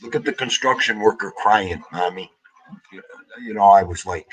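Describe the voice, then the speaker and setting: Livestream host, husky New man, middle-aged, grieving, warmly greeting his regulars. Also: on the low side, normal speed, low-quality recording. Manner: emotional, heartfelt, greets viewers by name. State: grieving, tearful. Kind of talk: casual livestream chat greeting viewers.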